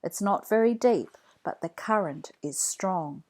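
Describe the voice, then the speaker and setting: A woman's voice: medium pitch, animated, a little slow, a little mellow, close to an everyday voice. A woman reading a children's storybook aloud, voicing a caring father who speaks firmly but kindly. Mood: reassuring. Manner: firm, then reassuring.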